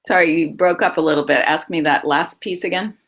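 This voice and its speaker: A woman's voice: on the low side, brisk, a bit bright. A woman voice coach, a guest on a remote call, telling client stories expressively with frequent laughs.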